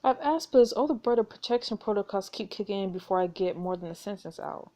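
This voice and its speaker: A woman's voice: medium pitch, animated, quick pace, mellow, lightly acted. A woman reading as an anxious young noblewoman. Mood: earnest.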